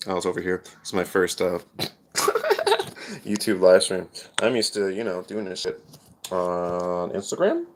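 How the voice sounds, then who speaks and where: A man's voice: low voice, animated, moderate pace, pauses often, background noise. A man performing his spoken word poetry on a live stream, with casual rambling talk between the poems and chanted, repeated lines within them. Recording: roomy echo.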